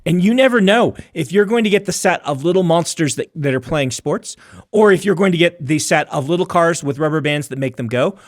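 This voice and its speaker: A man's voice: a little high, expressive, fairly quick, no echo. Man rambling in a dry studio. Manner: rambling, self-correcting explanations. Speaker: podcast co-host, author. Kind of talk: casual chat.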